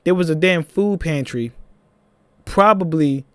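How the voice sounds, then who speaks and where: A young man with a Philadelphia accent, telling a personal story in a casual, animated vlog, with laughing asides. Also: a little high, a little slow, dry recording.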